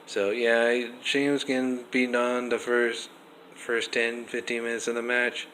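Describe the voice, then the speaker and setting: A young man giving a casual, rambling wrestling review, restarting sentences often and getting animated. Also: mid-range voice, unhurried, low-quality recording. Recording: faint background noise.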